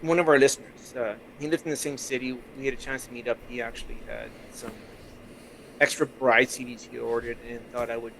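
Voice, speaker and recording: A man's voice: medium pitch, steady tone, brisk, vocal fry, fairly bright tone, slight background noise, rough recording. A man from Canada with a Canadian accent, a podcast guest chatting casually and rambling easily through his stories over a remote call mic. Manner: easygoing, rambling storyteller. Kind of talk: casual interview chat.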